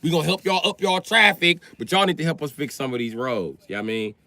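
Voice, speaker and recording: A man's voice: a little high, quick pace, sharp tone, dry recording. A man hosting a livestream, ranting crudely and teasing his chat as he riffs off their comments. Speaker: livestream host. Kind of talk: profane comedic rant to chat.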